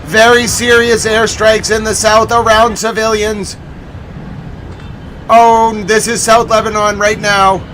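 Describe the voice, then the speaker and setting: A man's voice: high voice, level tone, slow pace, a bit bright, low-quality recording. A man hosting a live news recap stream, urgently repeating breaking updates and exclaiming in alarm.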